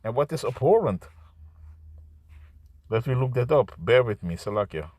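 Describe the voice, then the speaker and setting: A man preaching an improvised scripture sermon to camera. He talks in a halting, repetitive way, restarting words and tagging lines with "man" and "you see.". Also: mid-range voice, animated, darkish tone, no echo. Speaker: street-style preacher.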